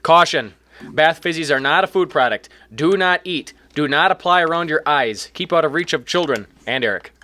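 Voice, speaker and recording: A man co-hosting a casual basement podcast, deadpan as he reads labels aloud. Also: a little high, moderate pace, slight background noise. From Wisconsin. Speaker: podcast co-host. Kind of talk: casual chat. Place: home basement.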